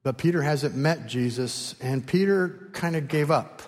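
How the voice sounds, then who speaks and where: Animated preacher man in a reverberant hall. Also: fairly high pitch, unhurried. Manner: animated storytelling, acting out voices. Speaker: pastor. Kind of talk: sermon.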